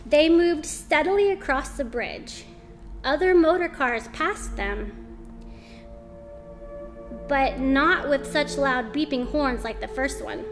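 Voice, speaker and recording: A woman reading a children's chapter book aloud in an expressive storytelling way. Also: sits high. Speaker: story reader.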